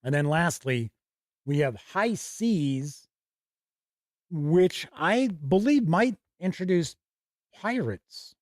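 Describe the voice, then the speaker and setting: A man's voice: on the high side, lively intonation, takes it slowly, long pauses, no room sound, clean studio sound. A middle-aged man hosting a casual livestream, reading passages aloud from old game books and correcting himself as he goes. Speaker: host.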